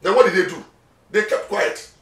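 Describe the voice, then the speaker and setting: High-pitched and fairly bright, a Ghanaian lawyer speaks at normal speed with lively intonation during an interview. He's emphatic and repeats words while switching between Twi and English, recorded from a distance in an echoey room.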